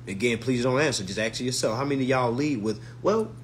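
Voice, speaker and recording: A man giving an emphatic, casual rant to camera, swearing and swinging from hushed to loud. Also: medium pitch, fast talker, slight background noise. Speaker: vlogger.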